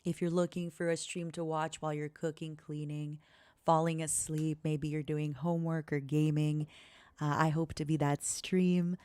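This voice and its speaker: A young woman streaming, chatting gently and slowly in a soft, cozy way. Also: sits low, level tone, clean tone, no room sound. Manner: gentle, talks slowly and softly.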